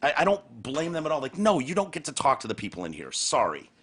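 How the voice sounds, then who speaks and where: Sarcastic profane podcast host, bright voice. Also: male voice, fairly high pitch, huge pitch swings, fast talker, husky. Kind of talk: casual chat.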